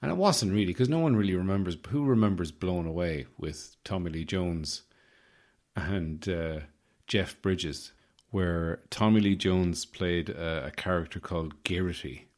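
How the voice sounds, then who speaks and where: Field: low-voiced man, rambling comic host. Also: unhurried, darkish tone. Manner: rambling, self-mocking, joking asides. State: slightly rough from waking. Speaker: podcast host. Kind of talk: improvised comic monologue.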